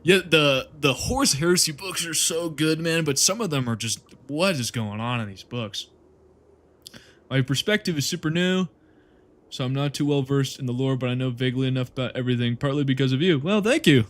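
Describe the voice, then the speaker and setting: A man's voice: medium pitch, lively intonation, fairly quick, a bit bright. A man chatting casually to his viewers on a live stream while playing a game, rambling, laughing and swearing freely.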